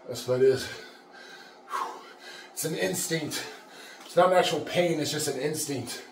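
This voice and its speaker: A man's voice: a little high, measured pace, creaky, pauses often. A man filming a casual fitness vlog in his home gym, full of profane, pumped-up self-talk and panting between sets. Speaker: fitness vlogger. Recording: echoey room with faint background hum.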